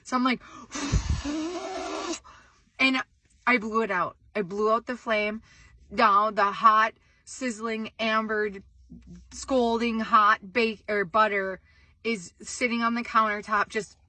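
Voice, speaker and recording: An excitable young woman chatting on her vlog, her voice bright and forceful with a slightly high pitch. She rambles with lots of "like"s, and the sound is dry and close. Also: unhurried, no echo. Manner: excitable, animated, screams in retold moments, many "like"s. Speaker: vlog host. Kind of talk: casual storytelling vlog.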